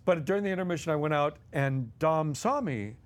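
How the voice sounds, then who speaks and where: A man's voice: on the high side, expressive, a little fast. A man co-hosting as a guest, telling anecdotes animatedly and acting out quotes with laughs. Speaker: guest co-host.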